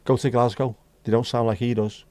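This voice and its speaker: A man's voice: mid-range voice, flat delivery, a little fast, darkish tone, no room sound. A man from North West England, hosting a livestream and chatting bluntly with his viewers. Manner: blunt, chatty, swears casually. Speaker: livestream host. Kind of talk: casual chat with live chat.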